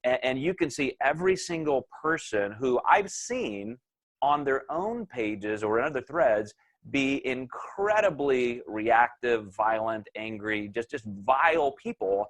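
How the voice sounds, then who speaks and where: A male podcast host talks with energy and keeps repeating small words as he starts his thoughts. He has a voice of middle pitch and sets up questions for his guest in a chatty, conversational way. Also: expressive, unhurried.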